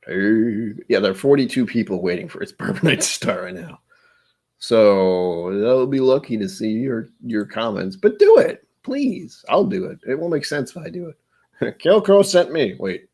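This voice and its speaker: A man's voice: on the low side, expressive, normal speed, darkish tone, slightly rough. A man hosting a live stream, chatting casually and rambling, tired and self-deprecating, greeting viewers by name. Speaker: livestream host.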